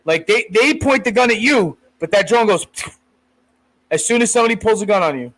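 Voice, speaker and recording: Male podcast co-host with a high voice, crude and jokey, laughing often in casual banter. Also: lively intonation, fairly quick, a bit bright, poor audio. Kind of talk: casual chat.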